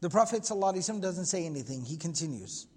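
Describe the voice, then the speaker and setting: High-voiced man lecturing in an echoey hall. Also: animated, racing. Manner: earnest, explanatory, with Arabic quotations. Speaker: Islamic lecturer. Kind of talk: religious history lecture.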